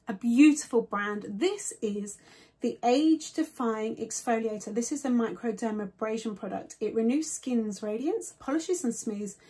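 A woman's voice: a little high, a little mellow, slightly rough. A woman beauty vlogger hurrying through a chatty product review, out of breath and gushing with enthusiasm. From United Kingdom. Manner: bubbly, rushed and enthusiastic.

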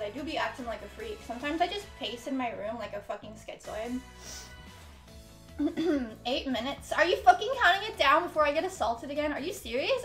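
A high-voiced woman streams from her room, swearing freely and playing up her suffering for laughs as she reads chat and answers viewers. Her voice rings in a roomy, echoey space, with faint music under it. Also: a bit bright. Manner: profane, melodramatic comic complaining. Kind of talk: casual live-stream chat with chat readouts. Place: her upstairs room at home.

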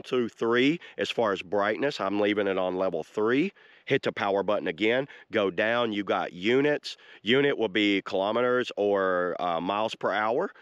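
A man walks viewers through an electric bike outdoors beside a lake. His voice sits fairly low, and the sound is close and dry. He talks in an easygoing, folksy way, calling the audience y'all. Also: dry recording. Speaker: e-bike reviewer. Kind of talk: casual product walkthrough.

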